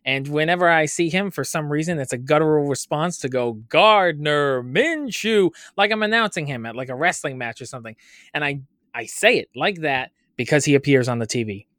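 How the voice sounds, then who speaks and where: A man's voice: a little high, a little fast, a bit bright, no echo, studio quality. A man co-hosting a casual podcast, telling a story with lots of laughter and animation. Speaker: podcast co-host. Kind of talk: casual chat.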